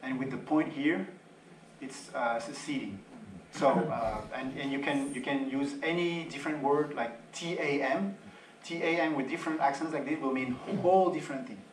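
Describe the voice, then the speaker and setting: A man's voice: medium pitch, normal speed, a little hiss or hum. A man from France giving an informal public talk to an audience in a church fellowship hall, with joking asides. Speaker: guest speaker. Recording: roomy hall sound from a distant mic.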